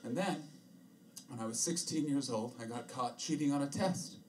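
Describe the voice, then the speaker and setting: A man doing a stand-up comedy set for a live album, telling dark stories in a deadpan way with sudden loud asides. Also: medium pitch, normal speed, far from the mic. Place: hot, narrow comedy room. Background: audience laughter.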